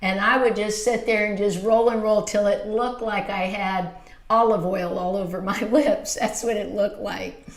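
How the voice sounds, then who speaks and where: A woman's voice: mid-range voice, steady tone, normal speed, roomy sound. A woman in her fifties hosting a casual beauty livestream from a small home filming room, gushing and chatty as she reads viewer comments. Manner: warm, gushing and chatty, with frequent exclamations.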